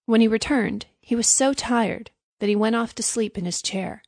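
A woman's voice: a little high, moderate pace, darkish tone, no room sound. Woman reading a storybook, dry. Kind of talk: storybook narration.

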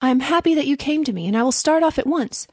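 Humble young gardener, earnest and eager to please, a bit higher, dry room, as a woman reads him. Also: animated, fast talker, darkish tone, no echo.

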